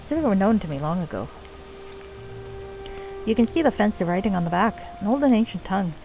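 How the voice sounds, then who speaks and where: Woman doing a dwarf clan leader, put-on Scottish accent, gruff, weary of war, lively swooping pitch. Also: fast talker, over music, poor audio. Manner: gruff, archaic folksy dwarf speech. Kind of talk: reading game dialogue aloud.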